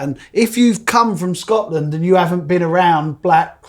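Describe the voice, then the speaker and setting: Man hosting a podcast, casual chat, fairly high voice, quick agreeing interjections. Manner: chimes in with short agreements and questions. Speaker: podcast host.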